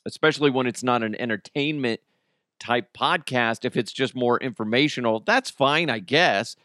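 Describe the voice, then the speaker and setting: A man hosting a solo podcast, telling stories in a lively way and laughing often. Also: medium pitch, dry recording, studio quality. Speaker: podcast host.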